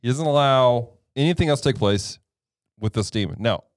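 Animated man leading a Bible study. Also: mid-range voice, normal speed, dry recording, clean studio sound. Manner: animated, laughs easily, reads scripture aloud. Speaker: podcast host and Bible teacher. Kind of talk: casual Bible study discussion.

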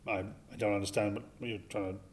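A man's voice: on the low side, little pitch movement, fast talker, lightly acted. A man improvising a confused, rambling adoptive father with a Northern Irish accent in a comedy sketch. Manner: confused, rambling, loud calls. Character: bumbling adoptive father, middle-aged man.

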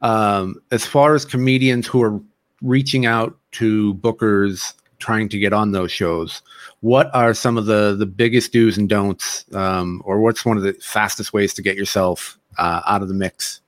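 A man's voice: on the low side, steady tone, a little slow, no echo. A man hosting a podcast, asking questions hesitantly with many fillers. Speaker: podcast host. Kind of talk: casual interview questions.

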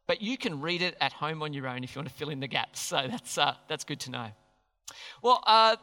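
High-voiced, bright preacher. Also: male voice. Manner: chatty, jokey, asks the crowd questions. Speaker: pastor. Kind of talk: sermon. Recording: long hall reverb.

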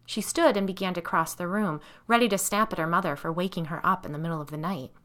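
Bright, low-pitched woman narrating. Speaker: audiobook narrator. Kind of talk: scripted audiobook narration.

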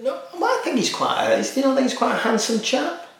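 A man's voice: very high-pitched, huge pitch swings, fast, creaky. A man chatting casually as a podcast co-host, with wry, teasing humour. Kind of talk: casual chat. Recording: echoey room, distant mic.

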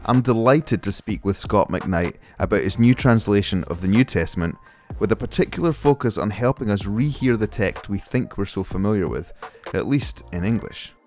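A man with a Scottish accent, hosting a podcast and interviewing a guest in a measured, earnest way. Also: on the low side, lively intonation, darkish tone, faint music behind. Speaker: podcast host. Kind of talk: scripted intro then casual interview.

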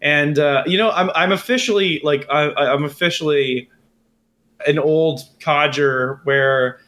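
A man's voice: a little high, measured pace, bright, forceful tone. A man co-hosting a casual podcast chat, telling rambling anecdotes with many restarts and bursts of laughter. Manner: rambling, stammering storyteller who breaks into laughter. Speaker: podcast co-host.

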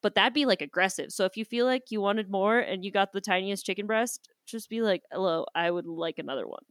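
Woman, podcast co-host, casual chat, animated storyteller, mid pitch, dry recording. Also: brisk, no room sound. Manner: animated storytelling, acts out quoted people, swears casually.

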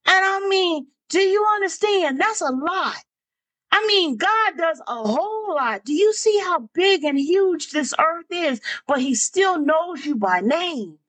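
A woman's voice: very high-pitched, lively intonation, a little slow, a bit bright. A woman preacher, giving an emphatic sermon that often asks the listeners if they understand. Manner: emphatic, repeats phrases, asks the listeners questions.

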